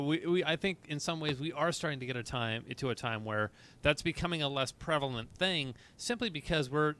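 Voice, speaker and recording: Bright-voiced rambling man on a podcast. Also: medium pitch, clear, resonant tone. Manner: rambling, searches for words, quick to laugh and swear. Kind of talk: casual podcast chat.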